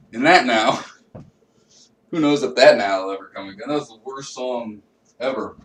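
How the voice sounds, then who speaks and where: A man's voice: mid-range voice, fairly bright tone, slight background noise. A man delivering a profane, rambling comedic monologue and talking to himself. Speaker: vlogger. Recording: roomy echo, distant from mic.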